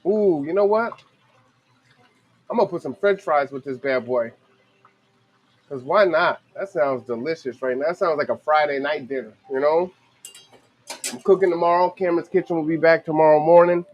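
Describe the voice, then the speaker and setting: A man hosting his own home cooking show from his kitchen, telling stories in a relaxed, chatty way full of slang as he fries food. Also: on the high side, normal speed, long pauses, highs cut off. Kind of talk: casual cooking vlog with stories.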